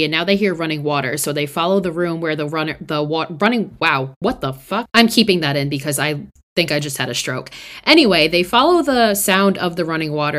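A woman's voice: deep voice, a bit bright. A woman hosting a podcast, casually recapping a horror film in a chatty, profane way with lots of fillers. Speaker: podcast host.

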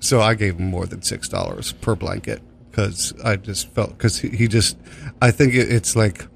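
A man's voice: lowish voice, lively intonation, moderate pace, creaky, slight background noise. A man hosting a radio show, chatting casually on air in a studio at a microphone. He rambles, jokes and swears freely.

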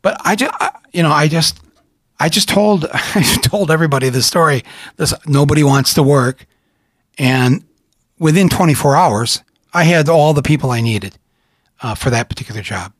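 A middle-aged man from Michigan hosting a conversation, rambling and animated, with frequent restarts and laughs. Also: a little high, moderate pace, dry recording, studio quality. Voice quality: husky. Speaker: host. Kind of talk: casual conversation.

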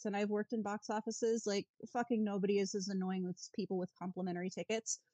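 A woman co-hosting a podcast in a casual chat, wry and sweary with quick asides. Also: mid-range voice, level tone, dark tone, dry recording. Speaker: podcast co-host.

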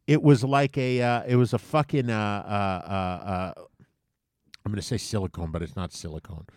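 A man co-hosting a casual podcast chat, swearing freely and rambling through stories with lots of halting restarts. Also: fairly low pitch, fairly even intonation, darkish tone, no room sound, clean studio sound. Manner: profane, rambling, with frequent filler restarts. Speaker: podcast co-host.

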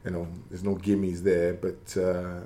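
A man's voice: deep voice, completely flat delivery, unhurried, warm tone, slight background noise. A man who is a former footballer, talking football in a matey, emphatic way. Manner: matey, emphatic, laughs easily. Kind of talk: casual football punditry.

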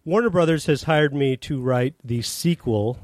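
Animated male storyteller, slightly high voice. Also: moderate pace. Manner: animated storyteller, acts out quotes. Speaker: guest, film director. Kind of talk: casual podcast chat.

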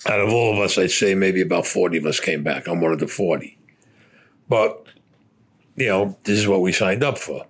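An older man, a veteran, recounting war memories in a blunt, profane, plainspoken way with a husky voice. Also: low-pitched, normal speed. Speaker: veteran interviewee.

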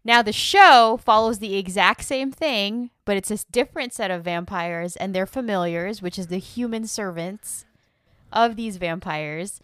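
On a podcast she co-hosts, a young woman talks in a measured, mid-range voice that's a bit bright, clear and resonant. The casual chat is lively and full of laughter, with clean, dry studio sound.

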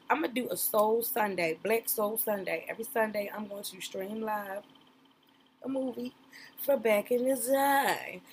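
Woman streamer doing a reality tv reaction, playful and slangy, faint noise behind her. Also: a little high. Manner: chatty, talks straight to viewers, slangy and playful. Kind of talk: casual reality-TV reaction commentary.

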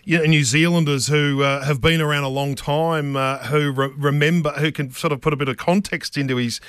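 Man, racing radio host, smooth resonant voice, slightly higher pitch, dry studio. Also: steady tone, a little fast, no echo. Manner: curious, conversational questions with fillers. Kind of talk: radio interview.

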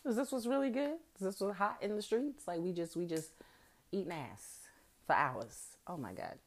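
A woman's voice: lowish voice, animated, moderate pace. A woman hosting a podcast, telling a personal story in a frank, profane, casual way, laughing often and acting out what people said. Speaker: podcast host.

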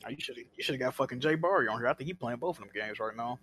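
A man co-hosting a casual gaming podcast, excitable and joking, swearing freely. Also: mid-range voice, racing. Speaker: podcast co-host.

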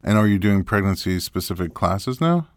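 Male podcast host, very low voice, curious and playful, dry studio sound. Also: lively intonation, normal speed, smooth, dry recording. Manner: curious, jokey questioner. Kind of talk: casual podcast interview.

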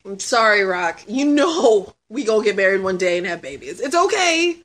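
A woman in her thirties, chatting casually as a guest and answering questions with lots of laughing, swearing and sudden shouts. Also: mid-range voice, very animated, normal speed. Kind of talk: casual chat.

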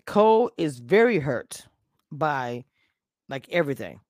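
A woman's voice: sits low, big pitch swings, a little slow, a little mellow, no room sound, studio quality. A woman reviewing a reality show on a casual live stream, blunt and opinionated in her takes.

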